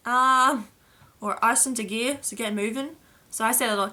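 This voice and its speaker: A woman's voice: fairly high pitch, fairly even intonation, a little fast, sharp tone. A young Australian woman with an Adelaide accent, chatting playfully in a casual vlog as she reads through a list of slang. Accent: South Australian. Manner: chatty, playful, laughs at the entries. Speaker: vlogger.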